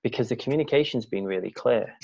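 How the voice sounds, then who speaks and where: A man speaking as a guest in a casual conversation, talking slowly and deliberately in a soft, measured way. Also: medium pitch, vocal fry, breathy edge. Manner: slow, deliberate, soft-spoken. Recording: dull lo-fi sound.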